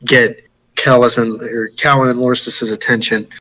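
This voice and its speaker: A male player describes his character's actions in a tabletop role-play. His voice is mid-pitched and his speech is halting, with repeated words as he goes. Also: level tone, bright, forceful tone, poor audio.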